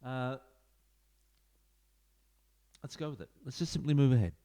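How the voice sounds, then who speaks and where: Sitting at home with a desk microphone plugged into his computer, a man plays a football management game and offers loose, meandering let's-play commentary, tossing casual asides to his YouTube audience. He speaks in a mellow mid-range voice, a little slowly, with lively intonation.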